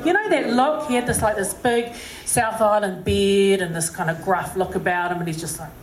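A woman with a New Zealand accent, a singer, shares a personal story and words of encouragement with a live audience, chatty and self-deprecating, with lots of "you know." Her medium-pitched voice moves at a moderate pace. The low-quality recording is reverberant, with slight background noise.

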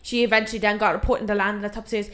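A young woman with an Irish accent, co-hosting a podcast in casual chat, trading stories and chiming in with quick agreement. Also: mid-range voice, level tone, fairly bright tone. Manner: chatty, quick back-and-forth, short agreeing replies. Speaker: podcast co-host.

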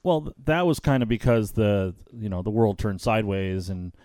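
A man's voice: on the low side, normal speed, mellow, clear, resonant tone, dry recording, studio quality. A man hosting a casual podcast interview, chatty and easygoing, laughing often. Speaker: podcast host.

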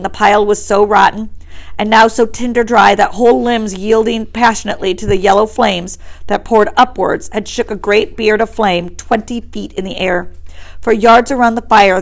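A woman teacher reading a novel aloud to her class, pausing to quiz her listeners. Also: mid-range voice, steady tone.

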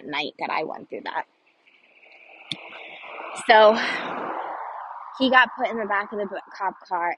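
A woman's voice: lowish voice, a bit bright, a little hiss or hum, low-quality recording. A woman telling a true personal story in an earnest, conversational way, often saying "like". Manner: earnest, conversational, frequent "like" fillers.

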